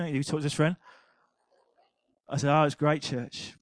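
An older man preaching a sermon, telling an anecdote with laughter and animated asides. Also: a little high, unhurried, no echo, rough recording. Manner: animated storytelling, laughing at his own anecdote.

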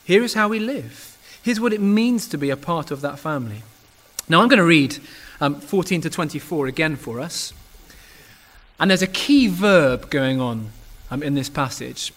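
A man delivers a sermon in a church with earnest emphasis. His voice sits a touch higher than most men's, and he leans hard into key phrases, occasionally restarting a word. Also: lively intonation, normal speed, a bit bright. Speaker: preacher.

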